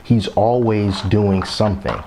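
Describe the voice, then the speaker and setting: Chatty man reviewing toys, soft hiss. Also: on the low side, steady tone, a little slow. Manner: chatty, rambling, drops into whispers so as not to wake his kids. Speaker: toy collector vlogger. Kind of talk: casual toy review.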